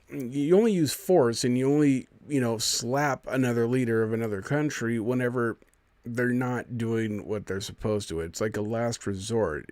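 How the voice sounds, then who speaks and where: A man's voice: mid-range voice, a little mellow, dry recording. A man hosting a live stream, reading out a news fact check and arguing with it in an indignant, sarcastic running commentary.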